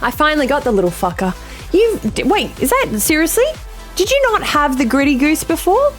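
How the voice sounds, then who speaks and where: A woman streaming a game live, chatting casually with her viewers, giggly and quick to swear and apologize. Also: high voice, big pitch swings, soft background music. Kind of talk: casual live-stream chat while gaming.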